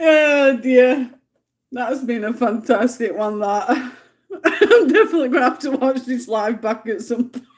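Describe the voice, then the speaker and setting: A woman's voice: fairly high pitch, a little slow. A woman hosting a casual livestream, crying with laughter in helpless giggling fits. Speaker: livestream host.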